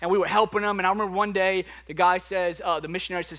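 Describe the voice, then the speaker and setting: A man preaching a sermon as a pastor, animated and storytelling, acting out the people in his stories. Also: sits high, rapid-fire, hardly any pauses. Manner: animated preaching with acted-out dialogue and asides.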